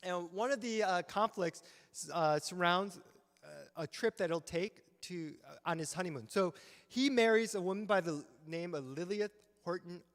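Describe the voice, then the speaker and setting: Man, high-pitched, symposium lecturer, animated storytelling, long church-hall reverb. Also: normal speed. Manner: animated storytelling, acts out quotes, frequent "right?". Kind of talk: history lecture.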